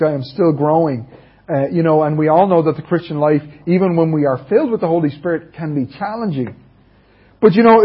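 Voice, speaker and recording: A middle-aged Irish man delivers a sermon in church, sharing his own testimony in an earnest, confiding way. His voice is very husky and breathy and sits fairly high for a man. The recording is dull and lo-fi. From Ireland. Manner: earnest, confiding, often checks in with listeners. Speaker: preacher.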